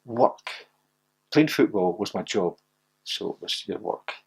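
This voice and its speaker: A man's voice: lowish voice, lively intonation, slow, gravelly, husky. Older Scottish man telling stories. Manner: storytelling, laughs often, acts out quotes. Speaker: former footballer interviewee. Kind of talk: reminiscing interview.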